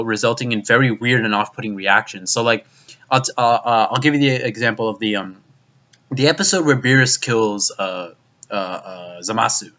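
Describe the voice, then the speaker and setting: A man's voice: mid-range voice, pushed and bright. A young man delivering a profane, exasperated video review rant, with frequent restarts. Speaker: anime reviewer. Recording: dull lo-fi recording.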